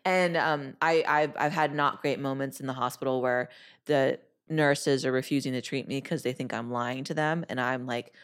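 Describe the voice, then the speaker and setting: A woman hosting a podcast, her voice sitting unusually deep for a woman. She tells her own story casually and quotes her past self with lively bursts. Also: normal speed, clear, resonant tone. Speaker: podcast host. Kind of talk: casual interview, personal storytelling.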